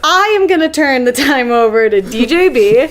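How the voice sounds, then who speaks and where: A woman's voice: sits high, animated, moderate pace. A woman co-hosting a casual podcast, playful and teasing, giggling often. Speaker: podcast co-host.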